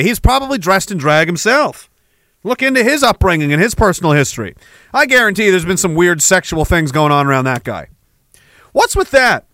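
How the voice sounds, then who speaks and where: A podcast host with a high, slightly bright male voice rants angrily between reading chat messages, swearing heavily and tossing in sarcastic asides. The recording is dry.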